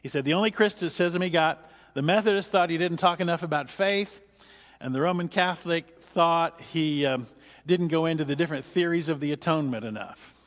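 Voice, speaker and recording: Chatty pastor with a higher voice. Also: male voice, fairly quick. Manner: rambling and chatty, with many fillers and restarts. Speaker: pastor teaching a book study. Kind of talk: conversational church lesson. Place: church hall. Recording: long church-hall reverb.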